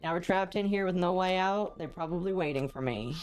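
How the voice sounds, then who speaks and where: A woman's voice: fairly low pitch, brisk. A woman streamer playing a story game, reading the characters' lines aloud and cutting in with joking asides. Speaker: gaming streamer.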